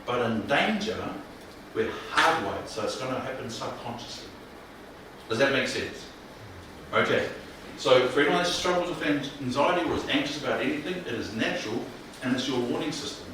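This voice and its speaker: A man leading a mental health workshop, speaking in a colloquial, animated way and often questioning the audience. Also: mid-range voice, moderate pace. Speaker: workshop presenter. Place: room with live audience. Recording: echoey room, distant mic, faint noise.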